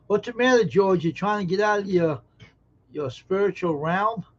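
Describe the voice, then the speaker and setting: A man's voice: high voice, normal speed. A man hosting a live stream, casually joking with viewers and reading their comments. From American South. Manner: folksy, joking, talks straight to chat viewers. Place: indoors at home. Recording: dull lo-fi stream audio.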